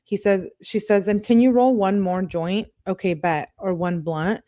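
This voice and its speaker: A woman's voice: mid-range voice, steady tone, measured pace, mellow, no echo. Woman reading text messages aloud, dry sound. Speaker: true-crime YouTuber.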